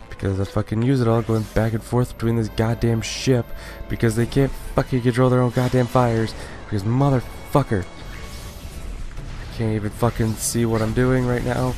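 A man's voice: medium pitch, darkish tone. A young man doing let's play commentary, swearing constantly and ranting in exasperation at the game. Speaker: gaming YouTuber. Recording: faint game music behind. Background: game music.

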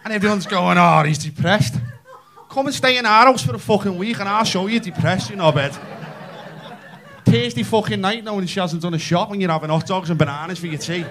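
A Scouse man in his thirties working a comedy club crowd with a stage mic. His voice sits high for a man, and he races through his stories with brash, sweary energy. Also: a bit bright. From Liverpool, England. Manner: brash, sweary, fast storytelling. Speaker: stand-up comedian. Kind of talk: stand-up comedy.

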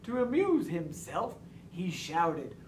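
A man reading a short children's story aloud in an expressive, sing-song way. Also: high voice, slow pace. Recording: roomy distant mic, faint background noise.

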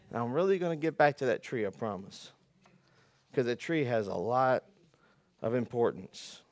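A man delivers a conversational sermon from the pulpit, his voice sitting a bit higher than most men's. He tells everyday stories with folksy, self-deprecating humor and swings between soft asides and loud, emphatic peaks. The sound is dry and close, with little room echo. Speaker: pastor.

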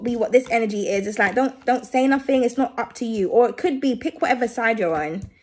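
A woman with a notably high voice talks through a tarot reading in a loose, conversational way. She reassures her listeners and keeps checking in with them as she goes. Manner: chatty and reassuring, with frequent "okay?" and "I feel like". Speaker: tarot reader. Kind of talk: casual tarot reading for viewers.

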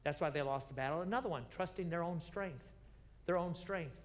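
Pastor in the pulpit, a man with a high voice, retelling Bible stories with gusto, repeating his points, in a reverberant sanctuary. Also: a little fast. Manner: animated storytelling, acting out biblical characters' lines; repeats key phrases, asks the congregation questions. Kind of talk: sermon. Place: church sanctuary. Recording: reverberant church sanctuary broadcast.

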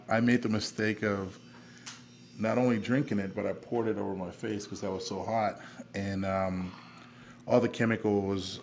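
A man's voice: on the low side, a little hiss or hum. A man, an army veteran guest on a podcast, telling a personal story in a candid, plainspoken way with frequent fillers.

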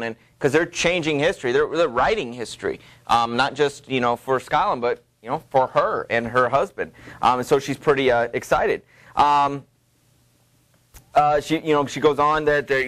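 A male teacher giving a classroom literature lecture in a halting way, full of fillers, stopping to read passages aloud. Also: medium pitch, a bit bright.

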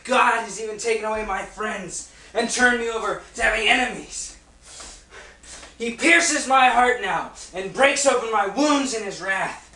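In a stage play, a man performs Job, an afflicted man crying out in anguish, using a full character voice that is high, slow, and bright. He sounds far away in an echoey room with faint noise.

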